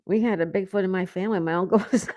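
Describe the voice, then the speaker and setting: A woman's voice: medium pitch, very fast, a little mellow, no room sound, clean studio sound. A woman hosting a casual livestream, reading viewer comments aloud and laughing often. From United States. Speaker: livestream host. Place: home in Florida.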